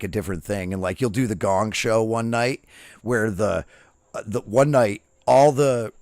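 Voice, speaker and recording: A man's voice: on the low side, no echo. Profane man telling boot camp stories. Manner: profane, animated anecdotes with quoted dialogue. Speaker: streamer. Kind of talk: casual storytelling while gaming.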